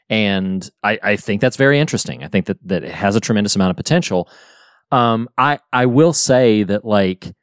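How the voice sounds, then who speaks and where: A man co-hosting a casual film-review podcast, earnest and building his points slowly. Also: lowish voice, no room sound, studio quality. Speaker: podcast co-host.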